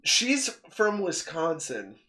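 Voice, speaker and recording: Man, podcast co-host, casual chat, animated storytelling, lively pitch. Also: takes it slowly. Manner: animated storyteller who laughs often and mimics others.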